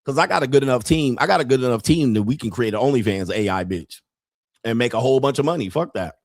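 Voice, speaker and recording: A man's voice: medium pitch, animated, fast talker, no echo. Guy hosting a show and ranting, lots of cussing and laughing, medium voice, dead dry room. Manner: blunt, heavy swearing, laughs often. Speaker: podcast host. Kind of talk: profane livestream rant.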